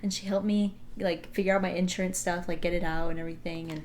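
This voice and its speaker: A young woman co-hosting a podcast, telling a story in an animated way and laughing often. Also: lowish voice, fast, slight background noise. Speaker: podcast co-host. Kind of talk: casual chat.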